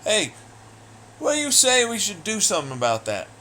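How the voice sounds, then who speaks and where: Male solo ranter, higher-pitched than most, hostile and cursing, loud jeers dropping to mutters. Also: wildly swooping pitch, moderate pace, a little hiss or hum. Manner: profane, taunting and hostile; swings between loud jeers and low muttering. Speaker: audio blogger. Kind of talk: angry solo rant.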